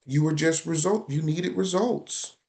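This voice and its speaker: A man talks casually as a guest on a podcast. He tells his stories in an animated, frank way. He often repeats a line for emphasis. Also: on the high side, a little slow, creaky. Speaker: guest, consulting founder.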